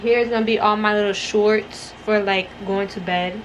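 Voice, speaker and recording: A woman's voice: mid-range voice, steady tone, moderate pace, slight background noise, rough recording. A young adult woman chatting casually to her viewers in a vlog, rambling and addressing them as y'all, from her bedroom. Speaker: vlogger.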